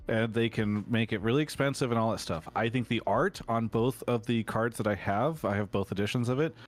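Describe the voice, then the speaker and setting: A man speaking candidly on a live stream, with a voice of ordinary pitch and a conversational flow full of fillers. Faint music plays behind him. He sounds relaxed and unscripted as he makes his points. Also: brisk, hardly any pauses. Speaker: guest commentator. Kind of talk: livestream discussion.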